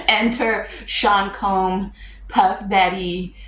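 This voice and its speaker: A woman's voice: medium pitch, fairly even intonation, very slow, a bit bright, a little hiss or hum. A woman giving a casual movie breakdown in a chatty way, with wry asides and fillers. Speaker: movie reviewer. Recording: roomy echo.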